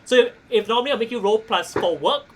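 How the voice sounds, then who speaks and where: A man running a tabletop wrestling game as game master, animated, laughing and swearing casually. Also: very high voice, fast talker, slight background noise.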